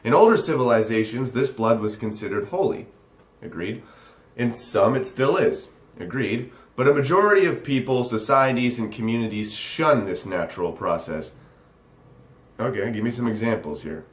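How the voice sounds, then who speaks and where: A man's voice: medium pitch, animated, moderate pace. Young man, sarcastic, profane rant, rambling, echoey room. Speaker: vlogger. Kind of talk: ranting commentary reacting to a text.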